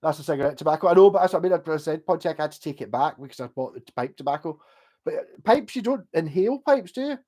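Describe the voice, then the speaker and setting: A Scottish man talks to his livestream audience in a relaxed, wandering way. He drifts from one thought to the next and drops swear words freely, sounding easygoing and unpolished. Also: a little high, fast talker. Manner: swears often, loose and digressive. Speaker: livestreamer chatting with viewers. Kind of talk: casual rambling chat.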